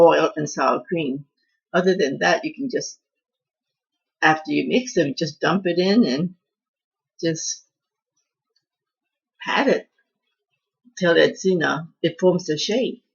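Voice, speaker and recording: Low-pitched with vocal fry and a breathy edge, a woman guides viewers through a recipe on her home cooking channel. Her chat is casual, rambling and self-deprecating, and the audio sounds dull.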